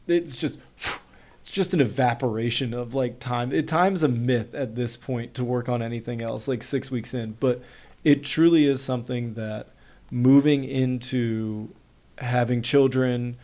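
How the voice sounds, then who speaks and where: A man in his thirties from North Carolina, a podcast guest telling a story in casual conversation. He speaks quickly and animatedly, with plenty of "like" fillers, and his voice sits at a middle pitch. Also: a little mellow.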